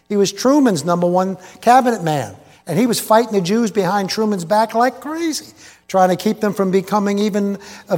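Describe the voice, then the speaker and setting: High-voiced folksy preacher in a reverberant hall. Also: male voice, darkish tone. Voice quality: folksy, rambling, with rhetorical questions to the crowd. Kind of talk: sermon. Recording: long reverb in a big hall.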